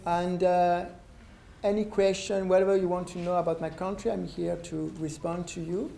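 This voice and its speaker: A man with a French accent giving a public talk to an audience. He speaks haltingly with many ums, and his voice is going hoarse. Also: high-pitched, flat delivery. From France. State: losing his voice. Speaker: visiting ambassador speaking to an audience. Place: lecture room at a university. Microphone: no microphone, room recording. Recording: echoey room with faint noise.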